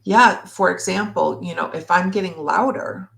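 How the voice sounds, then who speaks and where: A woman therapist in a live Q&A, speaking slowly and reflectively, sometimes acting out what a partner might say. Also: lowish voice, gravelly, a bit bright. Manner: slow, reflective, acts out partner's words. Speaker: relationship therapist. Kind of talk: live Q&A discussion.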